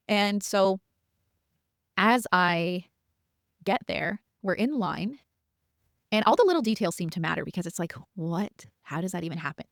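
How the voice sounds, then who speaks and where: This is a lowish female voice, recorded dry at studio quality. The speaker, a podcast host in her thirties, tells a personal tale in a relaxed, talkative manner, laughing as she goes and repeating her own inner thoughts as asides.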